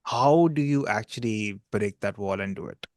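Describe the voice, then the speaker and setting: A man's voice: lowish voice, moderate pace, a little mellow, dry recording. Young guy hosting a laid-back podcast, easygoing, dry close sound. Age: young adult. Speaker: podcast host. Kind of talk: casual chat.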